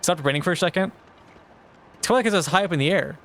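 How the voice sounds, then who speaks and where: A man's voice: high-pitched, rapid-fire, fairly bright tone, faint music behind. A young man streaming a video game, talking to chat and getting frustrated, swearing and exclaiming at the game. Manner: talks back to chat. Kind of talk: live gameplay commentary.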